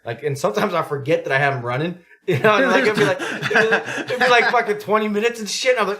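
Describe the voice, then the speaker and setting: A man talks in a bright, forceful voice, swearing his way through animated stories. The chat is loose and casual, as on a podcast among friends. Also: high voice, quick pace, hardly any pauses. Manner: profane, animated storytelling. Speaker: podcast host; youth sports coach.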